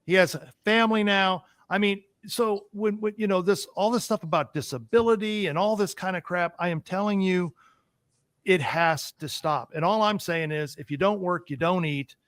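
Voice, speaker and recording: High-pitched, ranting talk show host man. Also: normal speed, fairly bright tone, no room sound. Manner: emphatic, ranting, repeats himself. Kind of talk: heated political talk.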